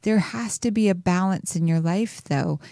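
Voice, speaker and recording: Woman radio host, measured and gentle, dry close studio mic. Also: on the low side, vocal fry, no room sound. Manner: slow, soothing, halting with fillers. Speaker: radio show host and intuitive reader. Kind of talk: on-air caller reading.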